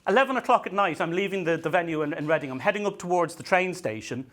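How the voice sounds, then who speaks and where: An Irish man doing a stand-up comedy set, telling self-mocking stories in a halting way and often repeating his words as he restarts. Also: sits high, lively intonation, a bit bright. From Ireland. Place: comedy venue stage.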